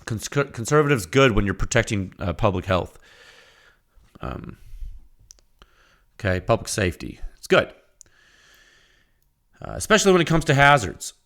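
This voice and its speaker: A man hosting a solo podcast, talking in a rambling, conversational way with repeated words and quick asides. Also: fairly low pitch, very animated, fairly bright tone. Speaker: podcast host.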